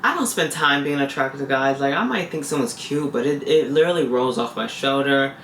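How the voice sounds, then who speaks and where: A woman vlogging casually in a roomy, echoing space, her voice bright and forceful. She rambles and repeats herself as she speaks directly to her viewers. A light hiss sits under the recording. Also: very deep voice, fairly quick. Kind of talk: casual confessional vlog talk. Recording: echoey room with faint hiss.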